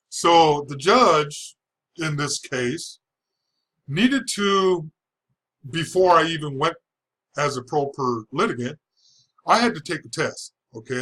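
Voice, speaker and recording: A man's voice: fairly high pitch, fairly bright tone, poor audio. Chatty man telling his story. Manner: chatty, frequent restarts, chuckling. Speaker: person giving a testimony. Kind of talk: casual storytelling.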